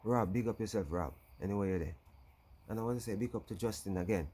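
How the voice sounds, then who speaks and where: Deep-voiced Jamaican man telling a story. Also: quick pace, mellow, slightly rough. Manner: rambling, with frequent "you know". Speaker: YouTuber. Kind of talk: casual storytelling vlog.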